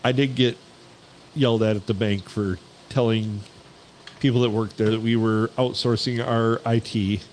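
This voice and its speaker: A man's voice: fairly low pitch, steady tone, normal speed, a little mellow, slight background noise, low-quality recording. A male podcast co-host with a wry, dry humor in casual chat.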